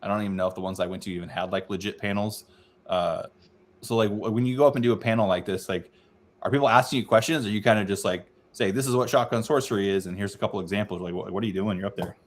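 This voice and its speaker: A man's voice: fairly low pitch, steady tone, fast talker. Man rambling casually with lots of "dude". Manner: loose rambling storyteller, swears casually, says dude often. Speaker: co-host, navy veteran. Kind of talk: casual podcast chat.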